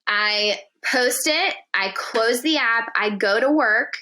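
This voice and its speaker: Bright-voiced woman telling a dramatic story. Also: a little high, slow. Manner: animated, profane, acts out quotes in dialogue. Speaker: podcast guest. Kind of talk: storytelling in casual chat.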